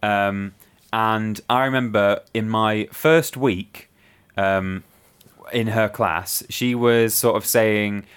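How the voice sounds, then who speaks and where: A man's voice: on the low side, slow, smooth. A man co-hosting a podcast, telling school stories in casual chat and acting out the voices of the people in them. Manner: animated storyteller acting out quotes. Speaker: podcast co-host.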